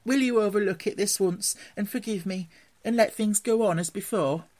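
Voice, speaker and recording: A man voicing an eager, earnest young male mole in a storybook reading, with a high, pleading voice. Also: big pitch swings, takes it slowly, fairly bright tone, heavily acted. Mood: contrite.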